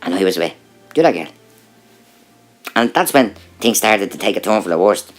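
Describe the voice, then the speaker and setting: A man telling a comic story in a conversational, animated way, building up to the punchline. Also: sits low, normal speed, faint music behind. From Ireland. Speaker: joke teller.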